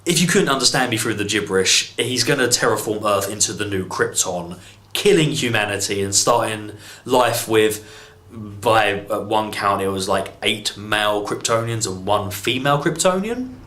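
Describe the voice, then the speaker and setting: A man's voice: fairly low pitch, animated, moderate pace, pushed and bright. Exasperated English man ranting in a roomy echo. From England. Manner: exasperated, sarcastic, swears freely. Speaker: film reviewer. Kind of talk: ranting movie review.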